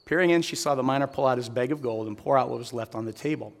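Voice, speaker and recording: A fast-talking man with a medium-pitched voice preaches a sermon to a live audience, telling a story before putting earnest, direct questions to the crowd. The recording carries a long hall reverb.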